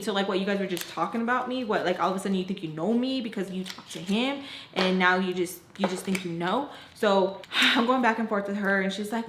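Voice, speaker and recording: A young woman tells a dramatic personal story in a loose, chatty way and fills it with "like". When she quotes people, her voice leaps up. The room is echoey and there is a faint hiss underneath. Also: brisk. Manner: animated, acts out quotes with jumps in pitch, frequent "like". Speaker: storytime vlogger. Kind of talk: casual storytime retelling. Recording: roomy echo, faint background noise.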